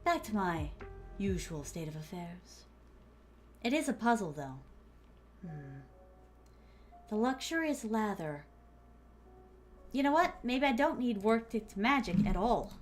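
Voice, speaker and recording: A woman's voice: mid-range voice, very animated, slow pace, pauses often, soft background music. A woman streamer musing aloud as she rewrites sentences, playful and chatty, with a slight put-on accent. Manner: muttering drafts aloud, playful. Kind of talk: casual writing stream.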